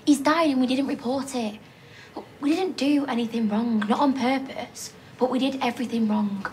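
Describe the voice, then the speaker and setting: A woman playing a hushed, guilty young woman. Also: sits high, moderate pace, slight background noise, close to an everyday voice. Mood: tense. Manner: urgent, hushed. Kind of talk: TV soap drama acting.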